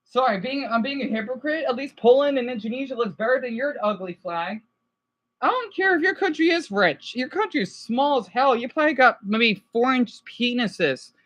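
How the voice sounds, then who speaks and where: Woman, reaction host, profane rambling rant, bright edgy tone. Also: fairly high pitch, expressive. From United States. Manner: profane, rambling, quick to apologize. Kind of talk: ranting reaction commentary.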